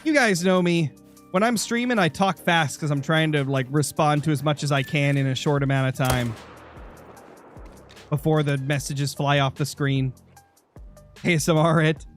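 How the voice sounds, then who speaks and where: A man's voice: fairly high pitch, fairly even intonation, moderate pace, faint music behind. A young man streaming a hunting game, chatting casually and answering viewers while nursing a sore, dry throat. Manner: chatty, answering chat messages. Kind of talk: live gaming stream commentary.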